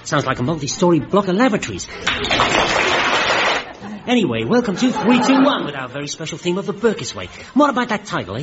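A brash, high-pitched game show host. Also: male voice. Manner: rapid chain of groan-worthy gags, chummy showman patter. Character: brash male game show host, cheesy nonstop punster. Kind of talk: broadcast radio comedy sketch. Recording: dull old radio recording with loud studio audience laughter.

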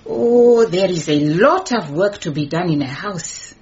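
A composed, shrewd woman in a radio play. Her voice sits low and her speech is measured and politely sly. The sound is dull and lo-fi. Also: lively intonation, darkish tone. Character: shrewd, calm, composed woman, newly engaged.

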